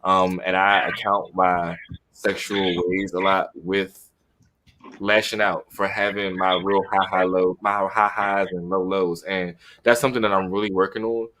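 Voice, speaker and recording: A young man talking candidly in a casual podcast chat, animated and acting out what he would say. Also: low voice, unhurried, slight background noise. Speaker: podcast co-host.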